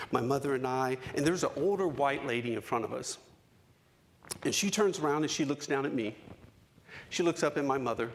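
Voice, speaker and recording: A man in his forties giving a keynote speech, telling a personal story with dramatic pauses and emphasis. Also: fairly high pitch. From United States. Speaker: keynote speaker. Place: conference hall stage.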